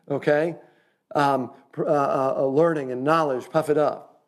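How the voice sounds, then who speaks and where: Man preaching, fairly high voice, folksy, emphatic, sermon-style teaching. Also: fairly even intonation, a little slow. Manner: folksy, emphatic, addresses listeners as friend.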